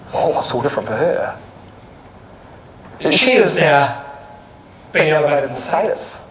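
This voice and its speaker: A man giving a Bible exposition talk, asking rhetorical questions and reading verses with stress. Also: sits high. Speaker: Bible speaker. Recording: echoey room with loud air-conditioning hum.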